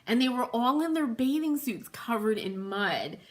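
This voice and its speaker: A woman's voice: fairly high pitch, animated, normal speed. A middle-aged woman hosting a livestream, chatting in a rambling way, laughing often and calling out viewers by name. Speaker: host of a furniture painting livestream.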